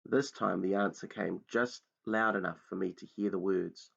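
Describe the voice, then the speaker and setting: Low gravelly-voiced man reading a story. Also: steady tone. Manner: slow, hushed, dramatic storytelling. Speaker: reader. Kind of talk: reading a children's book aloud. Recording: dull lo-fi recording.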